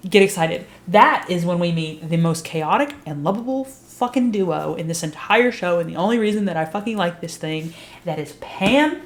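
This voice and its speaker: A woman's voice: lowish voice, expressive, moderate pace. A young adult woman recapping a TV series in casual, blunt, emphatic talk, swearing freely. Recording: roomy echo.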